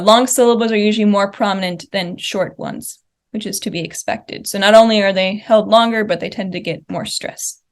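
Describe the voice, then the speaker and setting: Young woman, mid-pitched, presenting research at a conference, explanatory, plain delivery with some uh and um. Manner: explanatory, walks through slide examples; uses fillers like uh and um.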